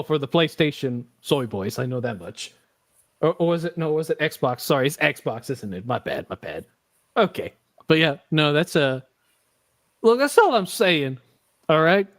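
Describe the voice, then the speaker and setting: A man's voice: a little high, fairly bright tone. A man hosting a casual podcast, rambling and joking with lots of swearing. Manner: rambling, profane and jokey. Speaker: podcast host.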